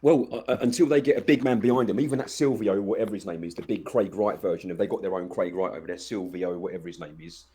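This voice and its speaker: A man's voice: sits low, fast, few pauses, warm tone, husky. A man co-hosting a podcast, talking in a blunt, brash way and swearing freely. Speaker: podcast co-host. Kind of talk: casual chat.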